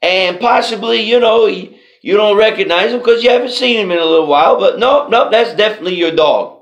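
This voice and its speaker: A man voicing a flustered male airport baggage handler who insists in a rushed, pleading way. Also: high voice, pitched above the performer's own voice. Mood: flustered insisting.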